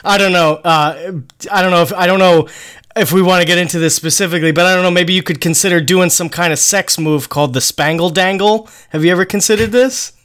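A young man in his twenties with a fairly high voice co-hosts a loose podcast chat. He jokes constantly and breaks into laughs between his lines. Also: steady tone, fairly quick, fairly bright tone, clean tone. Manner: laughing often, joking. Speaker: podcast co-host. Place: Queens, New York.

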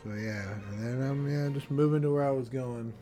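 A man's voice: medium pitch, brisk, dark tone, soft background music. A man playing a tabletop game, joking and swearing casually with his friends. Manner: joking, profane, laughs often. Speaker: player.

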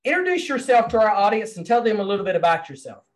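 High-voiced male interview host. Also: sing-song, quick pace. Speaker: show host. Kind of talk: interview hosting.

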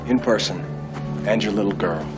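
Man doing a lawman, low voice, movie score behind him. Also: moderate pace, music in the background, lightly acted. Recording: movie clip with score underneath.

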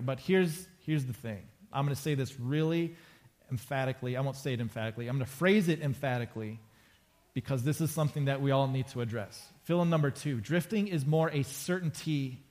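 Male pastor, slightly high voice, relaxed joking sermon delivery, repeats key lines for emphasis. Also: brisk. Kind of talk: conversational sermon. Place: church sanctuary before a congregation.

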